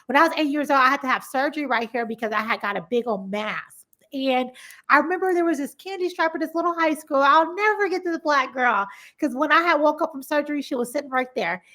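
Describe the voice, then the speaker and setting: A woman's voice: high-pitched, quick pace. A woman podcast host from Compton, chatting in a casual interview and telling stories with acted-out quotes. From Compton, Los Angeles. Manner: animated storytelling, acts out quoted voices.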